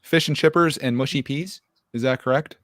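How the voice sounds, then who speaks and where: A man's voice: medium pitch, moderate pace, fairly bright tone, no echo, clean studio sound. Man hosting a casual stream chat. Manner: asks questions, reads out chat messages. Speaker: host.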